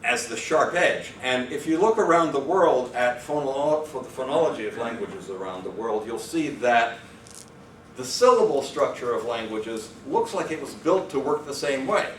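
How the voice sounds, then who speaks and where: A man's voice: medium pitch, lively intonation, normal speed, a bit bright, a little hiss or hum. A man giving an academic talk on language and rhythm, thinking aloud with fillers and small self-corrections. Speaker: lecturer. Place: lecture room. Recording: echoey room from far off.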